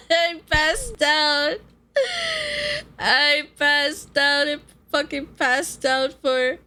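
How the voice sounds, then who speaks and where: A woman's voice: a little high, bright, forceful tone. A woman streamer chatting casually, laughing often mid-sentence and swearing loosely.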